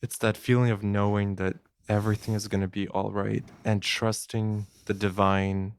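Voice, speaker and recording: A man hosting a podcast, asking calm, measured interview questions. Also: on the low side, clean tone, dry recording. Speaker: podcast host.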